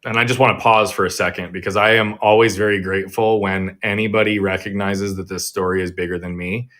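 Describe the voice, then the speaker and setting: A man's voice: sits low, fairly even intonation, fairly quick, fairly bright tone. A man who is a guest on an interview show, reflecting earnestly on a past experience and how it affected his family. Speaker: guest, performance coach. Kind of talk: conversational interview.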